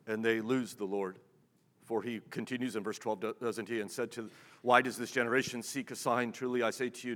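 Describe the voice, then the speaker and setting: A man preaching a sermon as pastor, conversational, with rhetorical questions and dramatic drops to a hush. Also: mid-range voice. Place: church sanctuary. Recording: long reverb of a large hall.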